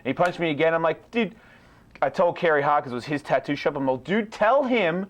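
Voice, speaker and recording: A man spins a rowdy anecdote in a slightly higher voice than most men, swearing freely and animated throughout. He breaks into laughter as he talks and keeps it loose and conversational. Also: quick pace. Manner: profane, animated, laughs while telling. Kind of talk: casual anecdote telling.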